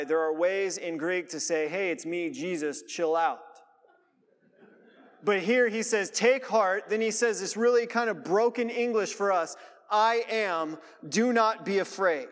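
Man, pastor, sermon, high-pitched, reads scripture then explains casually, long hall reverb. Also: a bit bright.

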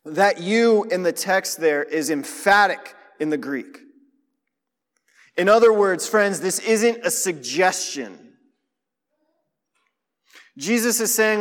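Pastor, male, high voice, conversational preaching style, hall reverb. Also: a little slow. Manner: conversational preaching, asks listeners to notice. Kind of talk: sermon.

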